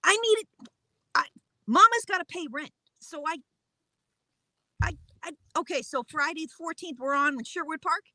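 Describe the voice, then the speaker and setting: Brief: brash female comedian, high and bright, salty and quick on a call. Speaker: comedian, opening act. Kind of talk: casual phone chat.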